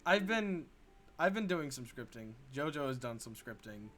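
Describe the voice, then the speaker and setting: A woman's voice: a bass voice, sing-song, moderate pace, fairly bright tone, soft background music. A woman hosting a live art stream, chatting casually, laughing, swearing and reading out viewer comments. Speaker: stream host.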